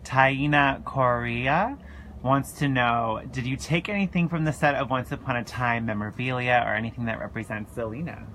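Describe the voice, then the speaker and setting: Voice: mid-range voice, normal speed, fairly bright tone, slight background noise. A host reading viewer questions aloud in a live interview, plain and direct.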